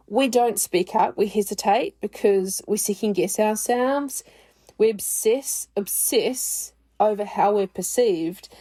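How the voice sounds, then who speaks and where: A woman hosts her own podcast in a personal, reflective monologue, her mellow voice at an ordinary middle pitch. She's candid and chatty, often poking fun at herself.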